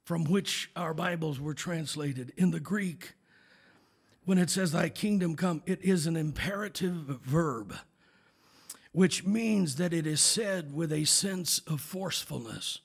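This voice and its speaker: Male pastor, gravelly and husky, slow sermon delivery that swells into shouts. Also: a little high. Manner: preaching cadence, building to shouted climaxes.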